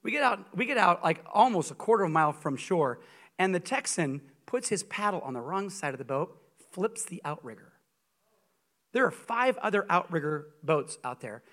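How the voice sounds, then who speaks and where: High, bright-voiced preacher man. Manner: animated storytelling, humorous and emphatic. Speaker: guest preacher. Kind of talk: sermon.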